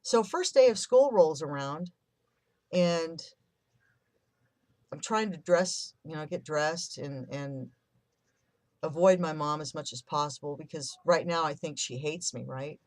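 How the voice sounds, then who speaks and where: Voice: mid-range voice, a little slow, long pauses, dry recording. Candid storyteller in their fifties. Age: 50s. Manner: candid and emotional, swears, acts out remembered quotes. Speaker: vlogger sharing a personal story. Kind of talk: personal storytelling.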